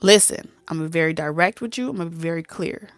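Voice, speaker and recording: A woman's voice: lowish voice, quick pace, no echo, studio quality. Blunt, streetwise woman tarot reader. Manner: blunt, streetwise, playfully acts out both sides; laughs often and slips into soft whispers. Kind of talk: casual talk to camera.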